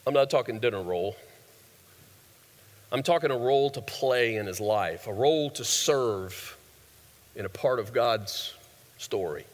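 A man's voice: mid-range voice, expressive, measured pace, long pauses. A man preaching a sermon in a conversational way, asking the audience questions and joking. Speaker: pastor. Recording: long hall reverb.

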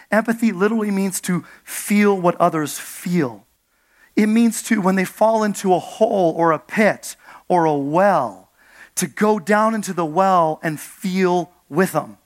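A man preaching a sermon as a pastor, dropping soft and low for gentle quoted words and building to emphatic points. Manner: drops soft and low when quoting God's gentle words; builds to emphatic points, then slows for weight.

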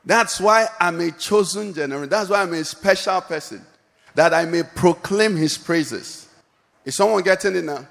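A man's voice: sits high, a bit bright, big-room sound. A male pastor preaching a sermon and calling out questions for the congregation to answer. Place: church hall.

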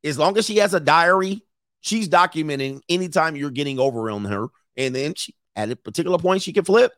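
A man hosting a live commentary, reading messages aloud and reacting to an audience in the room with blunt, profane, animated asides. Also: a little high, fairly quick, no room sound, studio quality. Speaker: commentary host.

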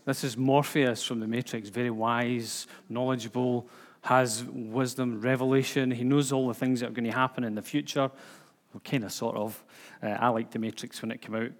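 A man's voice: medium pitch, level tone, moderate pace. A man with a Scottish accent giving an informal sermon, chatty, with lots of fillers and restarts. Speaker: preacher. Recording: long hall reverb.

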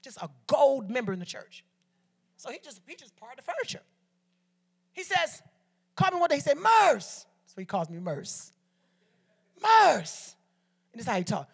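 A woman's voice: on the high side, sing-song, fairly quick, long pauses, breathy edge. A woman from Detroit preaching a sermon as a guest speaker, calling on the congregation to answer back and telling stories along the way. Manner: call-and-response preaching, storytelling asides.

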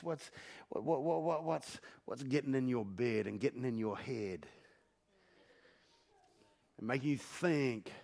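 A man's voice: medium pitch, gravelly. A male pastor preaching a sermon, telling stories and firing off repeated rhetorical questions. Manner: storytelling, repetitive rhetorical questions. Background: loud instrumental music.

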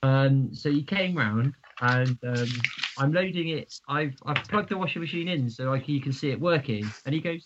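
A man co-hosting a casual podcast, telling an anecdote in an animated way, laughing and swearing casually. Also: fairly high pitch, normal speed. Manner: animated storyteller who laughs at his own story, swears casually. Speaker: podcast co-host. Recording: slightly dull audio with faint hiss.

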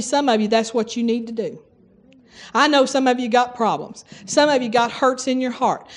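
A middle-aged woman preaching a folksy sermon, exhorting the congregation and breaking into bursts of forced laughter. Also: a little high.

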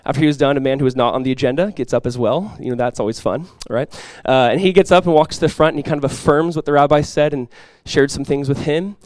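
In this sermon, a man with a mid-range voice talks quickly with hardly any pauses, and there's no room sound. As pastor, he relates a personal story conversationally with light humor and offers a soft, earnest prayer.

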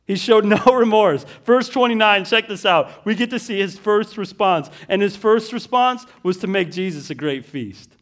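A male pastor with a notably high voice, delivering a sermon. He leans on repeated words and casual asides, and swings from forceful declarations to quiet, slowed-down lines. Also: animated. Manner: emphatic preaching, repeating key words, swinging from loud to hushed; casual fillers like "listen" and "right?".

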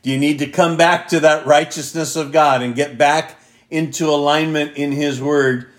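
A man preaching a sermon as a pastor, reading scripture slowly with deliberate emphasis and putting direct questions to his listeners. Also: a little high, fairly even intonation. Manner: asks the congregation direct questions.

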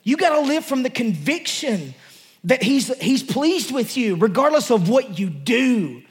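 High-voiced, passionate male preacher. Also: big pitch swings, a little slow. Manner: passionate, emotional, conversational preaching with restarts. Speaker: pastor. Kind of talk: sermon. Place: church service before a congregation.

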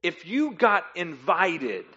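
A man preaching with a high, bright voice that swings widely up and down. He tells the story in an animated way, slipping into the voices of the people in it. The sound of the recording is dull and lo-fi. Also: slow, breathy edge. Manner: animated storytelling, acting out listeners and guests. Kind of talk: sermon.

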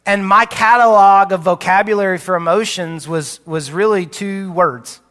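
A man in his late thirties preaching a sermon as a pastor, candid and conversational, often sinking to a low, soft voice. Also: moderate pace. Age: late 30s. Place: church sanctuary. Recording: long reverb of a large hall.

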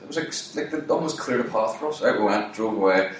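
A man in his thirties, a comedian telling a profane story and swearing constantly, jumping his voice up for quoted shouts. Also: fairly low pitch, animated, fast. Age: 30s. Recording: very echoey room, mic at a distance.

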